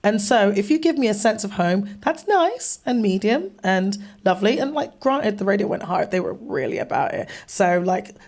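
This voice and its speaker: A woman's voice: medium pitch, normal speed, few pauses. An English woman, a guest artist, chatting casually in an interview and acting out bits of conversations with a laugh. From England. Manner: animated, acts out voices, laughs often. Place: live event venue in front of an audience.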